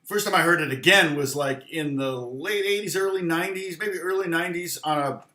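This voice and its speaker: A man's voice: fairly high pitch, a little fast, bright, forceful tone, reverberant. A man teaching guitar in a loose, rambling live lesson, humming rhythms aloud between explanations.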